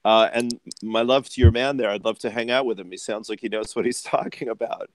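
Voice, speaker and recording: A man's voice: mid-range voice, fairly even intonation, a little fast, no room sound. Affectionate encouraging man on a video call. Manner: affectionate, encouraging, laughs often. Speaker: webinar host and channeler. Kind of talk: casual group video chat.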